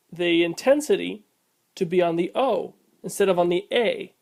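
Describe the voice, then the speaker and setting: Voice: medium pitch, gravelly. A Spanish class instructor narrating a slide lesson, explaining each rule step by step and repeating the key terms.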